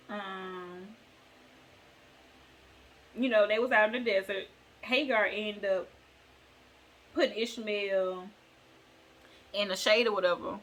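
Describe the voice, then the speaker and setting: Woman vlogger chatting through a bible story, slangy and rambling, bright voice. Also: mid-range voice. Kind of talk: casual bible retelling.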